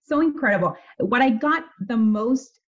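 A woman's voice: fairly high pitch, animated, normal speed. Candid, emphatic woman guest, lo-fi sound. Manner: candid, emphatic, laughs easily, swears. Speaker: podcast guest, health and nutrition coach. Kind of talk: casual interview chat.

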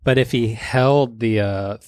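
Animated storytelling man, dry close mic. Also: takes it slowly, dry recording. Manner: animated storyteller, acts out quotes with big pitch jumps, laughs often. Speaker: podcast host. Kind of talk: casual storytelling chat.

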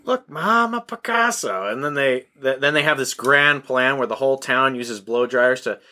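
A man's voice: medium pitch, level tone, moderate pace, sharp tone. A man co-hosting a podcast, joking his way through a movie recap and laughing often. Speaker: podcast co-host. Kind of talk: casual movie recap chat.

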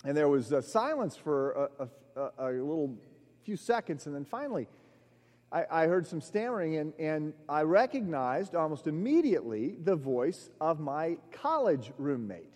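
A man's voice: a little high, big pitch swings, moderate pace, darkish tone. A middle-aged man preaching a sermon. He tells stories with frequent "uh" fillers and builds his emphasis as he goes. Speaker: pastor. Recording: long echoey hall reverb.

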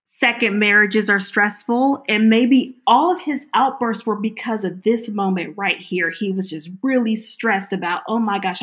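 A woman's voice: mid-range voice, a little slow, few pauses. Woman animatedly retelling her own story. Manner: animated, acts out quoted dialogue. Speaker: interviewee. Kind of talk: personal storytelling interview.

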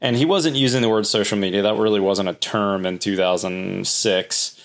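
A man with a fairly low voice chats as a podcast guest. He tells rambling stories in a relaxed, conversational way and slips into quick acted-out quotes. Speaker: guest, home builder. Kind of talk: casual podcast storytelling.

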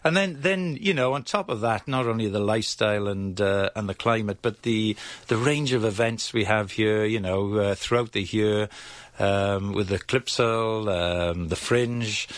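A man's voice: lowish voice, moderate pace, no room sound. A middle-aged man with a Welsh accent, speaking as a guest in a radio interview, hesitant and full of fillers. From Wales. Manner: hesitant, many fillers and restarts. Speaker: agency chief executive, guest.

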